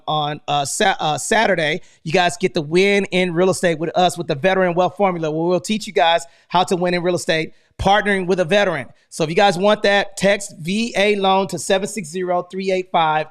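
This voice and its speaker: High, gravelly-voiced hype host. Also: male voice. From United States. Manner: energetic, slangy, repeats "man" often. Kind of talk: casual hype talk on a live stream.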